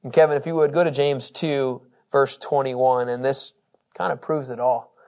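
A man teaching a Bible study, reading scripture with emphasis and talking in an animated, conversational way, laughing often. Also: medium pitch, normal speed. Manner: reads scripture aloud with emphasis.

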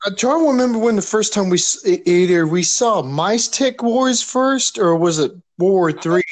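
A man in casual chat, rambling quickly with lots of fillers. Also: high-pitched, expressive.

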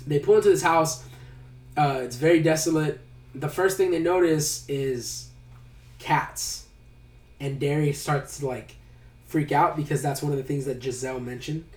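A man's voice: on the high side, steady tone, normal speed. A man casually recapping a movie plot, rambling and hesitant with lots of fillers. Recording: roomy sound, a bit far from the mic.

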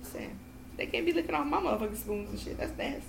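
Brief: woman podcast guest, storyteller, salty and lively, pitched a bit high. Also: fast talker, gravelly, slight background noise. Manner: animated, profane storytelling with acted-out quotes. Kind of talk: casual podcast chat.

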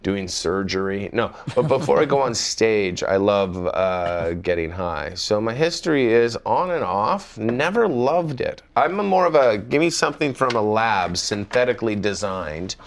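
A man's voice: lowish voice, animated, a little slow, hardly any pauses. A Canadian man with a Canadian accent, a comedian guest chatting casually, rambling and self-mocking with frequent laughs. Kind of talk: casual podcast chat.

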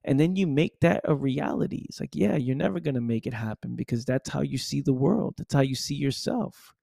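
A man's voice: mid-range voice, fairly quick, creaky, warm tone, no room sound, clean studio sound. A man giving an emphatic motivational monologue, repeating himself and dropping "right?" and "man" asides. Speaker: motivational speaker.

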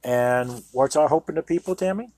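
A man's voice: medium pitch, moderate pace, a little mellow, no echo. A man hosting a Christian radio program, reading scripture aloud and commenting on it earnestly and emphatically. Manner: earnest, emphatic, with frequent "you know". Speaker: radio show host and Bible teacher. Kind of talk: Bible reading with sermon commentary.

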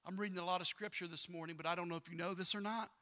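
Pastor guy preaching, kinda high bright voice, gets loud then drops quiet, talks real casual between bible verses. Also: very fast. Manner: animated preaching, swings from loud bursts to quiet, reading scripture aloud; casual slang and repetition. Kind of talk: sermon.

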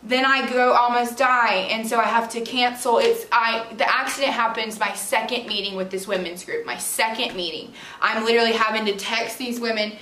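A woman's voice: on the high side, normal speed, fairly bright tone. A woman in her twenties, a podcast host, telling a personal story in a candid, chatty way full of "like" and "literally", recorded at home on a camera mic. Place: room at home. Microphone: camera mic, at a distance. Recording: echoey room, distant from the mic, faint hiss.

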